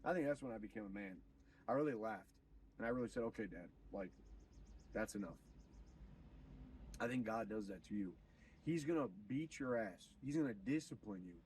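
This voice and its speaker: A man streaming, retelling a story in an animated, profane, preachy way. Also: medium pitch, fairly quick, distant mic, a little hiss or hum, rough recording. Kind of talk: casual storytelling on a livestream.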